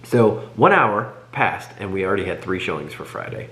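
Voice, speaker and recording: A young man co-hosting a family channel, telling a story in casual chat with animated, self-correcting delivery. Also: low voice, moderate pace. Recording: echoey room.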